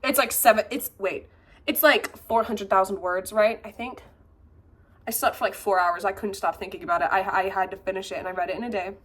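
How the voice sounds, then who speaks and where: A woman in her twenties chatting excitedly in a vlog, gushing and swearing as she unboxes books. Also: medium pitch, a little fast. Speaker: vlogger. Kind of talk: casual chat and book unboxing.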